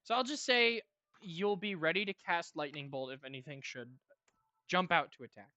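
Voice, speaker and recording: A man running a tabletop game as game master, narrating in a relaxed, rambling way with fillers. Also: a little high, normal speed, no echo, muffled recording.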